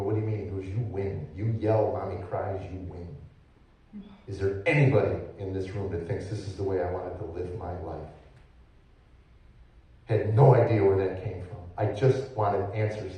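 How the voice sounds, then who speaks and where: A middle-aged man giving his personal testimony at church, halting and repeating words, swinging from hushed to loud. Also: low-pitched, fairly even intonation. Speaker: testimony speaker, former comedian. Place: church sanctuary. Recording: echoey church hall, mic far off.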